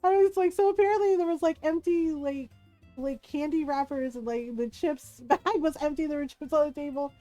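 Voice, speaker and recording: Giggly high-voiced woman streamer. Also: normal speed, no echo, faint music behind. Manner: animated, giggly, acts out quoted voices. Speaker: livestream gamer. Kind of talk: casual storytelling to chat.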